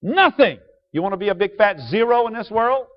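A man preaching a sermon to a congregation, asking them questions and switching from loud emphasis to quiet asides. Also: sits high, expressive, a little fast. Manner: call-and-response questions to the congregation. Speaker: pastor. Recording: dull lo-fi sound.

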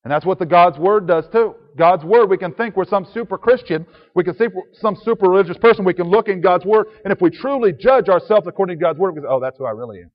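A man's voice: high-pitched, fast, hardly any pauses. A man preaching a sermon earnestly, reading scripture aloud in old-fashioned biblical wording. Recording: dull sound with long reverb.

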